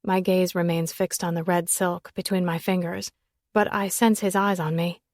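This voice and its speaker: A woman narrating a first-person romance audiobook in an intimate, emotional manner that turns breathy at its quiet moments. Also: fairly low pitch, dry recording, studio quality.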